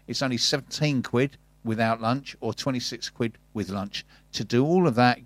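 A man's voice: medium pitch, no echo. A man hosting a business radio show, chatting and reading out an event plug with upbeat enthusiasm. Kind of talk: casual radio chat and read-out announcements. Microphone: studio mic.

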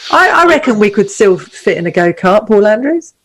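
A woman's voice: mid-range voice, sing-song, moderate pace, slight background noise. An older English woman co-hosts a local radio show. She chats in a loose, digressive way and pokes fun at herself between news items. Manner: chatty, self-mocking, digressive. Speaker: radio co-host. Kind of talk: casual radio chat reading local news.

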